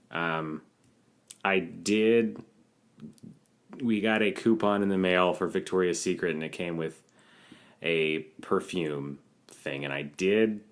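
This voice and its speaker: A man with a very deep voice co-hosting a comedy podcast. He talks in a deadpan, rambling way, spinning silly bits. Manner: deadpan jokey, rambling riffs. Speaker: podcast co-host. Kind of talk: casual comedic chat.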